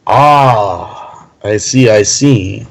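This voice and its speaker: A man's voice: lowish voice, drawn-out words, gravelly, full character voice, low-quality recording. A man voicing a stiff, formal and courteous dragon-like warrior in a tabletop game.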